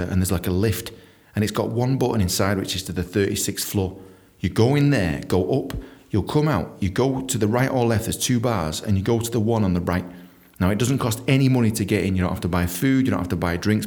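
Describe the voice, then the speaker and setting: Gravelly man telling comic stories. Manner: animated, breaks into squeaky high voices for jokes. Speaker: comedian storyteller. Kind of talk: comic storytelling.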